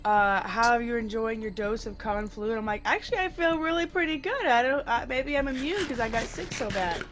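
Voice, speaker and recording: A woman co-hosting a casual game livestream, a little hoarse from a cold, laughing often and thanking subscribers. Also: on the high side, expressive, a little fast, a bit bright, faint music behind. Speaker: streamer co-host.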